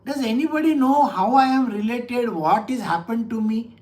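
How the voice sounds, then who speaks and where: A man, a spiritual teacher giving an animated scripture lecture full of rhetorical questions. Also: extremely high pitch, moderate pace, rough recording.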